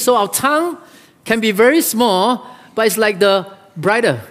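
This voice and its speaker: A male pastor preaching a sermon in a church, lively and acting out the Bible quotes. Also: moderate pace. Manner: animated, acts out Bible quotes with rising pitch. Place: church sanctuary. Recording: long reverb of a large hall.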